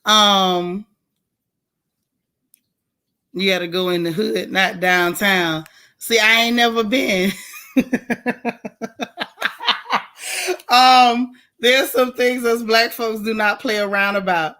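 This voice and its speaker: A woman from Florida, hosting a casual livestream and chatting with viewers in a blunt, animated, slangy way. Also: mid-range voice, slow pace. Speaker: livestream host. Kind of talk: casual livestream chat reading viewer comments.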